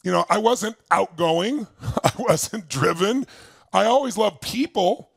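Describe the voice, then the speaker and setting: Gravelly high-voiced man, motivational speaker. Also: expressive, takes it slowly, no echo. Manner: shouts to rouse the crowd, then storytelling. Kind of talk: motivational talk to a live audience.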